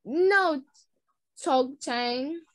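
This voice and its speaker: A woman voicing a brisk, no-nonsense mother in a storybook read-aloud. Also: high voice, dry recording, pitched above the performer's own voice.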